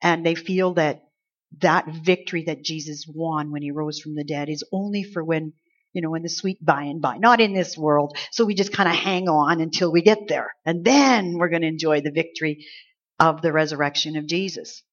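A woman preaching a conversational Easter sermon, acting out quoted lines with lively emphasis. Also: low voice, moderate pace. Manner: conversational, animated, acts out angels' lines. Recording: slightly dull lo-fi sound.

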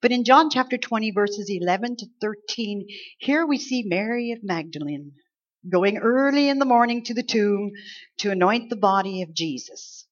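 A woman preaching a conversational Easter sermon, acting out quoted lines with lively emphasis. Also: mid-range voice, normal speed. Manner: conversational, animated, acts out angels' lines. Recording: slightly dull lo-fi sound.

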